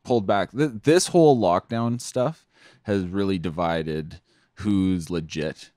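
Very deep-voiced man rambling casually. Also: slow pace, mellow, no echo, studio quality. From Canada. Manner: rambling, many fillers and restarts. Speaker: podcast co-host. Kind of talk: casual political chat.

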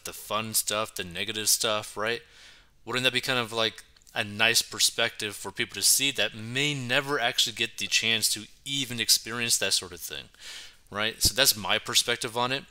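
A man's voice: lowish voice, sharp tone, smooth. A man giving casual commentary on a news story, chatty and filling his talk with "right" and "like". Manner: chatty, keeps saying right and like. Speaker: commentary channel host.

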